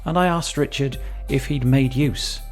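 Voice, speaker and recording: A male podcast host with a mid-range voice, reading scripted narration at a measured, sympathetic pace. Faint music plays under his words. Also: medium pitch. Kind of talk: scripted narration between interview clips.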